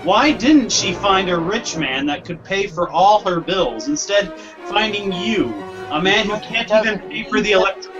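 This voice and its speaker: A man's voice: high voice, lively intonation, moderate pace, muffled recording, over music. A man in a group voice chat bluntly pressing another speaker on a question. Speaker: voice chat participant.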